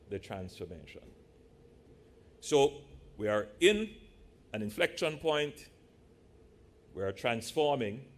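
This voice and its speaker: A man from Jamaica, a politician giving a measured, deliberate speech to a live audience in a large church hall, with playful asides. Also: on the low side, a little hiss or hum.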